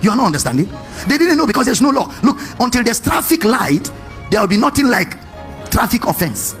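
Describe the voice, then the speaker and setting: A male preacher giving a lively sermon, questioning his congregation and stretching words in a sing-song way. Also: very high voice, brisk, faint music behind.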